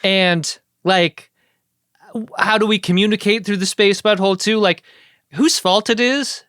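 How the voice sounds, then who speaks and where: A man with a high, bright voice banters on a podcast with dry, wry jokes. His speech is crisp and clean. The recording is close and dry. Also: unhurried, no echo. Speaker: podcast co-host. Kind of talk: casual chat recapping a TV episode.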